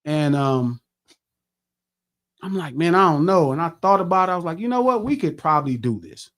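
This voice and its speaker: A middle-aged podcast host with a slightly high voice and moderate pace tells a long, casual story full of swearing. He's animated and acts out the things he said to other people.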